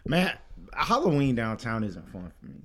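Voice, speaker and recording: A man's voice: medium pitch, big pitch swings, normal speed, fairly bright tone. A young man co-hosting a podcast, chatting casually and telling profane stories with acted-out quotes. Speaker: podcast co-host. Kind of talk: casual chat.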